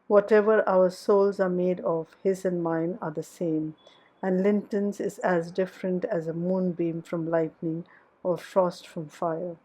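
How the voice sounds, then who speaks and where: A woman's voice: fairly low pitch, steady tone, a little slow, dark tone, low-quality recording. A woman reading as a passionate young heroine. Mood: impassioned. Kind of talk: classic novel audiobook reading.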